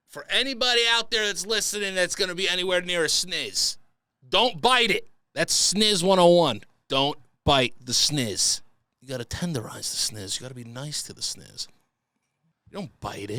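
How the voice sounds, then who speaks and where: A man's voice: high voice, very animated, normal speed, sharp tone, no room sound. A young man hosting a comedy podcast, reading listener stories and riffing crudely, often slipping into silly voices. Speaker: podcast host.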